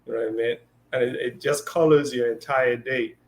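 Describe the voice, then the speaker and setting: Man in relaxed, filler-heavy conversation. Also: mid-range voice, fairly quick. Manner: conversational, lots of fillers and acted-out quotes. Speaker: co-host. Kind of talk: casual spiritual discussion.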